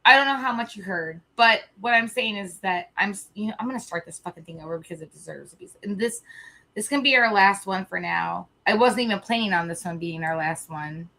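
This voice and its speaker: Woman streamer just chatting on a desk mic, bright forceful voice, rambly, swears a lot, kinda emotional. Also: mid-range voice, fairly quick. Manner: rambling, swears freely, restarts sentences. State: a little emotional. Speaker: live streamer. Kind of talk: casual live-stream chat.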